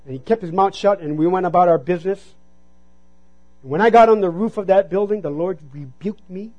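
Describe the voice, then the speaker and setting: A man preaching a sermon, telling a personal story and calling out to the congregation, sometimes dropping to a hush for emphasis. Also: high voice, brisk, muffled recording. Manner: storytelling, call-and-response "Amen?".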